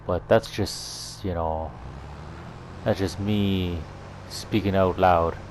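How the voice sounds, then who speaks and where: A man hosting his gaming channel, chatting in a relaxed, rambling way over his farming gameplay, thinking out loud as he goes. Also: low-pitched, slow, slight background noise. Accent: slips into a put-on Irish lilt. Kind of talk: casual gameplay commentary.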